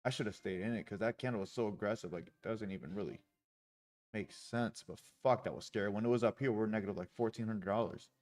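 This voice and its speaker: A man's voice: on the low side, fast talker, a little mellow. A man live-streaming his day trading, talking through his trades with heavy swearing and frustrated outbursts.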